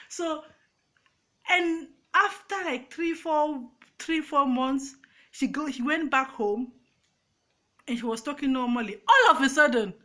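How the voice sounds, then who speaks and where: A woman's voice: fairly high pitch, fairly bright tone. A woman with a Cameroonian accent, a YouTuber speaking emphatically and emotionally to her phone's front camera, with frequent restarts. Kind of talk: casual to-camera rant.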